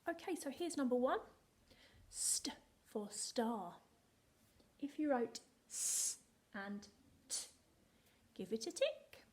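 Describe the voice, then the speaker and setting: Slow sing-song woman teaching phonics. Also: high-pitched, sing-song, darkish tone. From England. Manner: sing-song, slow and encouraging, drawing out letter sounds. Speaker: primary school teacher. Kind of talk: recorded phonics lesson for young children.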